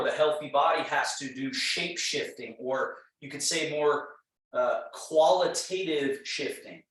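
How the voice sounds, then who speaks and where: A man leads a tai chi class and gives his cues slowly and calmly, often repeating the same short phrases. His voice carries a strong, roomy echo, and he sounds some distance from the microphone. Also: mid-range voice. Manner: calm, slow, repetitive cueing. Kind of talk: guided exercise class instruction. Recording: very echoey room, mic far off.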